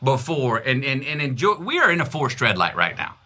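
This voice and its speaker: A man's voice: wildly swooping pitch, brisk, pushed and bright. A man in his fifties with a Texan accent, talking as an interview guest in an emphatic, repeating way. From Texas. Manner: emphatic, repeats phrases, swings pitch widely. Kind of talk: conversational interview.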